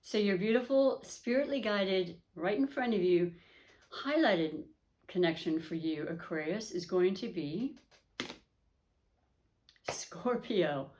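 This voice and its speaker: A woman's voice: medium pitch, takes it slowly, long pauses, darkish tone. A woman hosting an astrology and tarot reading, talking to viewers in a chatty, upbeat way with many fillers and restarts. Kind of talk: casual spoken reading to camera.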